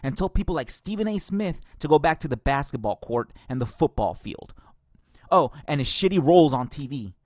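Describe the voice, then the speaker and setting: Fired up podcast guy ranting and swearing, kinda high voice, dead dry room. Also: animated, a little fast, a little mellow, no echo. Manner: angry, profane ranting with sarcastic laughs. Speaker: podcast host.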